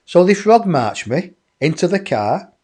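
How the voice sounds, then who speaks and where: A man, a guest in an interview, telling a personal story in a lively way and acting out other people's voices. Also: high-pitched, a little slow, breathy edge. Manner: animated, acts out others' voices.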